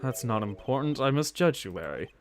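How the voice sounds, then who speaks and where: A man's voice: mid-range voice, very animated, fairly quick, lightly acted. A man doing a cold, haughty prosecutor. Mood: disapproving. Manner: stern, clipped, condescending. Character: cold, haughty male prosecutor, sharp and icy. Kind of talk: game dialogue read-along.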